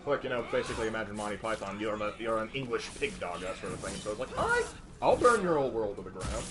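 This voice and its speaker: A man co-hosting a gaming stream, reading chat messages in a relaxed, rambling way. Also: lowish voice, fast, background noise. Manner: relaxed, rambling, many fillers.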